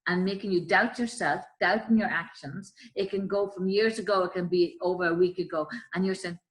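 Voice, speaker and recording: An earnest woman with a slightly low voice talks through examples in conversation. She explains patiently and slips into the voices of the people she describes. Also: steady tone, brisk, low-quality recording. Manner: earnest, acts out quoted voices, trails off softly. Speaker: guest explaining bullying. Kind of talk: explanatory chat.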